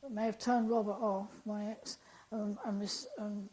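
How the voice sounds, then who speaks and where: A woman, an interview guest, telling a personal story in a lively, animated way and acting out the dialogue she quotes. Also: mid-range voice, a little slow, rough recording.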